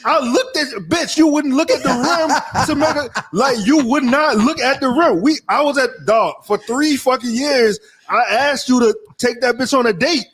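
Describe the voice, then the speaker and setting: A man's voice: very high-pitched, moderate pace, few pauses, slightly rough. A man with a New Orleans accent, co-hosting a sports podcast and trash-talking with a lot of profanity. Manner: profane, animated trash talk. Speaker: podcast co-host. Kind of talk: casual sports chat.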